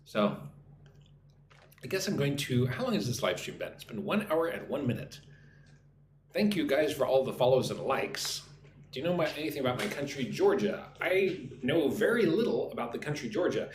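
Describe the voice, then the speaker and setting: A man's voice: mid-range voice, big pitch swings, moderate pace. An American man who teaches English online, chatting casually on a live stream and answering viewer comments as he reads them aloud. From United States. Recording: roomy sound with faint ambient noise.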